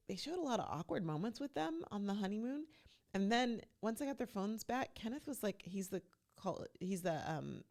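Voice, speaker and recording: A woman's voice: fairly low pitch, creaky. A woman hosting her own podcast, chatting casually and emphatically as she recaps reality TV and speaks straight to her listeners. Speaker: podcast host.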